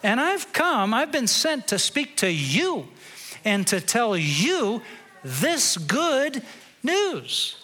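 A commanding male archangel, put on by a preacher, pitched well above his speaking voice. His words come slow and drawn out, with a tense, forceful edge. He sounds like a messenger who will not be questioned. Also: sing-song, heavily acted. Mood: emphatic.

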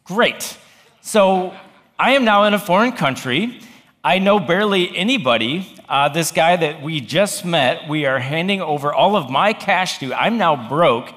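A man's voice: on the high side, animated, normal speed, fairly bright tone. Wry man preaching in a reverberant hall. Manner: wry, self-deprecating storyteller. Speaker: campus pastor. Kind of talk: humorous sermon storytelling.

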